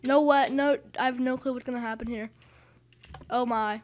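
Excitable high-voiced woman narrating gameplay. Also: normal speed, faint music behind. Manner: excitable, self-mocking, keeps exclaiming over failed jumps. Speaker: gaming video host. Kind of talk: live gameplay commentary.

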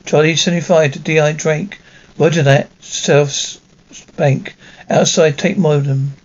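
A man's voice: a little high, steady tone, measured pace. Man reading a script, muffled sound. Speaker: reader. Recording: muffled lo-fi recording.

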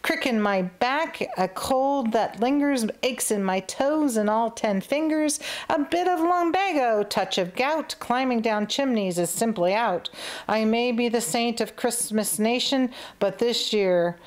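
A woman reading as a weary old Santa, slow and complaining. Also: fairly high pitch, close to an everyday voice. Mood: vexed. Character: weary old male Santa, grumbling about his aches.

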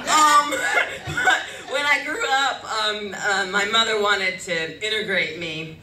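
A woman's voice: medium pitch, a little slow, recorded from a distance, heavy background noise. A woman from upstate New York co-hosting a comedy panel, telling self-mocking stories. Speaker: comedy show co-host. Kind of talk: casual comedic panel chat. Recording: echoey live venue, mic from afar, crowd.

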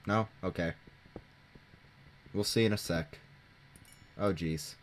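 A teenage boy casually commenting on his own gameplay into a desk mic, chatty and jokey, thinking out loud and poking fun at himself. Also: deep voice, slow pace, slight background noise. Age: teens. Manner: chatty, jokey, self-mocking, thinking aloud. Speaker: gaming channel host. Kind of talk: casual let's-play commentary. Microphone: desk microphone.

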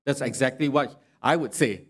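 A man preaching a sermon in a church, speaking in a slow, measured way and reading scripture aloud with sarcastic emphasis. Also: mid-range voice, a bit bright. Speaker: pastor. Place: church sanctuary.

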